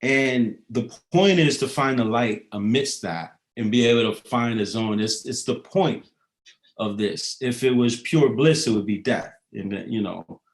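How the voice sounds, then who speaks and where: A man's voice: medium pitch, measured pace. Male rapper, mid-range voice, freewheeling profane monologue, philosophical and loose. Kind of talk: casual rambling monologue.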